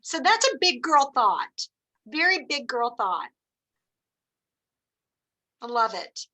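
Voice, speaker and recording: A middle-aged woman leading a team meeting on a video call, telling stories in an animated, encouraging way. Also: high voice, takes it slowly, low-quality recording. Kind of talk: motivational team meeting talk.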